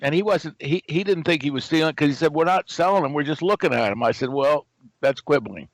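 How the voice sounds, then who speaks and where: A man's voice: fairly high pitch, fairly quick, no room sound, rough recording. An older American man telling a story as a guest and acting out the lines he quotes. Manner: animated storyteller who acts out quoted dialogue. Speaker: guest, game company founder. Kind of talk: anecdotal storytelling.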